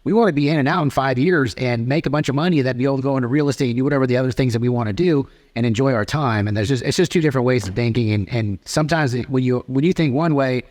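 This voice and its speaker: A man in his thirties hosting a podcast, telling stories in casual conversation with lots of profanity and animated asides. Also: medium pitch. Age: 30s. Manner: rapid, profane, animated storytelling. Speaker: podcast host.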